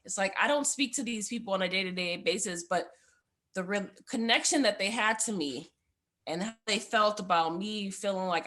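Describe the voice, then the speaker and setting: A young woman sharing a personal testimony as a guest, her voice sitting at an ordinary middle pitch. She talks in a heartfelt, rambling way. Her sentences are loosely strung together with "like" and "you know". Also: moderate pace, fairly bright tone.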